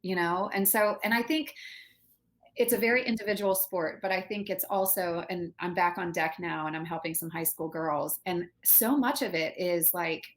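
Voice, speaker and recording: A woman talking in a relaxed, chatty way as a podcast guest, her voice a shade lower than most women's. She fills her sentences with "like" and "you know" and laughs easily. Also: moderate pace. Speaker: podcast guest, former college swimmer. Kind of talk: casual interview chat.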